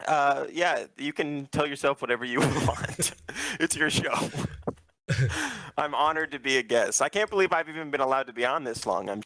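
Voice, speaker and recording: A man's voice: medium pitch, lively intonation, moderate pace, bright, forceful tone, no room sound, poor audio. A man calling in as a guest to a show, chatting casually and joking, laughing often. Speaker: call-in guest. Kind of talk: casual chat.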